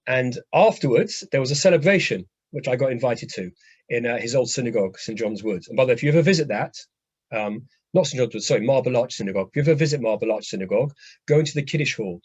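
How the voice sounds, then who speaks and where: Husky-voiced man telling lively anecdotes. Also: mid-range voice, quick pace, dry recording. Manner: lively anecdotal storytelling, restarts phrases. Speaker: rabbi lecturer. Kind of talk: lecture to an online class. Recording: dull, dry lo-fi audio.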